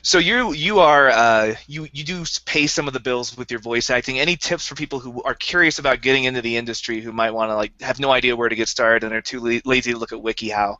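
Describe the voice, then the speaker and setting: A man's voice: mid-range voice, quick pace, few pauses, bright, forceful tone, no room sound, dull audio. A man hosting a podcast, chatting casually with lots of jokes and laughter.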